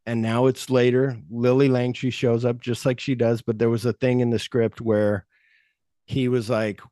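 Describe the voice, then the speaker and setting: A male podcast host talking casually at an ordinary middle pitch. He rambles through a story with lots of fillers and acts out quotes in an animated way, in a dry, close recording. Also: normal speed, no echo. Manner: rambling, animated plot retelling with acted-out quotes.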